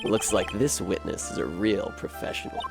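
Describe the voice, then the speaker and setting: A woman voicing a suave, teasing male lawyer mentor in a low, smooth drawl. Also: normal speed, over music, full character voice.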